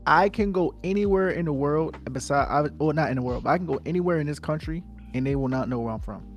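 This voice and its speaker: A man's voice: on the high side, fast, faint music behind. A man from New Jersey co-hosting a podcast in casual chat, laid-back and repetitive, full of slang. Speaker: podcast co-host.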